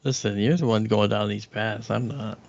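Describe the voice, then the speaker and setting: A man's voice: on the low side, steady tone, normal speed, gravelly, dull audio. A man co-hosting a live stream, chatting casually and laughing along.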